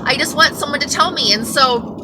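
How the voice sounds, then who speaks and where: A woman vlogging from inside her car in a candid, excitable, rambling way. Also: sits high, brisk. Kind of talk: casual chatty update. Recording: car noise behind voice.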